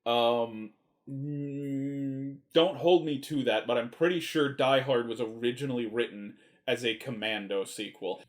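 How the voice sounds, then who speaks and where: A man chatting casually about a movie, rambling and enthusiastic and swearing freely. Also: mid-range voice. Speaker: movie reviewer. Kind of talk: casual movie review chat.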